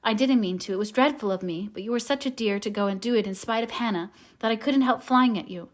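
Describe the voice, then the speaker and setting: A woman reading the part of a passionate, warmhearted teenage girl in an audiobook, her voice rising into high emotional cries. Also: fast talker, close to an everyday voice. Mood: flustered.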